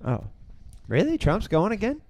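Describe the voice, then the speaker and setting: A man in casual podcast chat, dry and sarcastic, tossing in crude jokes. His voice is slightly high and moves around a lot. He plays the mock-naive one. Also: huge pitch swings, moderate pace, vocal fry, a crowd in the background. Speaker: podcast co-host.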